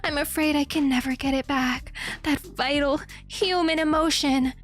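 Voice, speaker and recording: A woman voicing a vengeful young actress from a manga, in a solemn, flat delivery. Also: sits high, normal speed, soft background music, close to an everyday voice.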